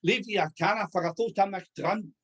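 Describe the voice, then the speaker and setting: A reciter voicing a blinded young soldier with a gruff, dogged manner. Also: mid-range voice, fairly quick, a bit bright.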